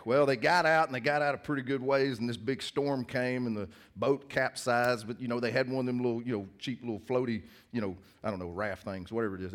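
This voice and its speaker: A middle-aged man preaching a sermon in church as the pastor, telling jokes and stories in a casual, chatty way. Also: medium pitch. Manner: casual, joking storyteller.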